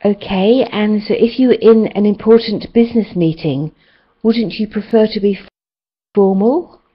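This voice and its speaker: This British woman runs an online English lesson in a patient, encouraging way, putting question after question to her students. Her voice sits at an ordinary middle pitch. The sound is dull and lo-fi, like a video call. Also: normal speed, slightly rough. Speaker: English teacher.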